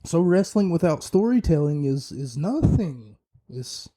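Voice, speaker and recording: A man's voice: on the high side, lively intonation, slow, warm tone. A man hosting a podcast, giving an opinionated, rambling wrestling review with many fillers and restarts. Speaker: podcast host.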